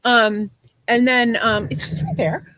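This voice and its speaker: A woman in her forties, half Portuguese, co-hosts a podcast in a casual livestream chat, laughing a lot and swearing now and then. Her voice is a little high and fairly bright, with a steady tone and a slightly slow pace. There's no room sound.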